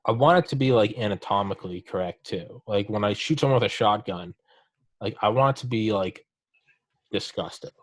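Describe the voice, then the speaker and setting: A man in casual chat with friends, talking in a profane, animated way. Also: lowish voice, brisk. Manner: profane, animated, acts out mock quotes.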